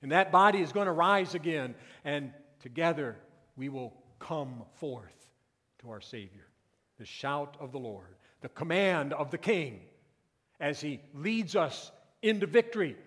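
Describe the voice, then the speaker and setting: A male pastor delivers an earnest sermon, dropping low and quiet, then building to loud, emphatic declarations. His voice sits a little high for a man. The church hall gives every phrase a long, ringing tail. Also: animated, measured pace. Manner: earnest preaching, swings from hushed to loud emphatic peaks.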